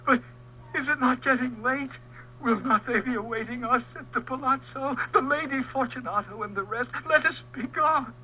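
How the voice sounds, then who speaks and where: A man's voice: normal speed, bright, forceful tone, slight background noise, heavily acted, poor audio. Shrieking, cackling doomed nobleman. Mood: hysterical. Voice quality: shrill, cackling, near-screaming. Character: hysterical walled-up nobleman, man. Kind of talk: audiobook dramatic reading.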